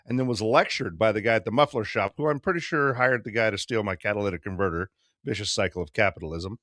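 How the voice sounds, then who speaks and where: A man's voice: fairly low pitch, fast, a bit bright, no room sound, clean studio sound. A man co-hosting a casual podcast, speaking in a wry, sardonic way. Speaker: podcast co-host. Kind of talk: casual chat.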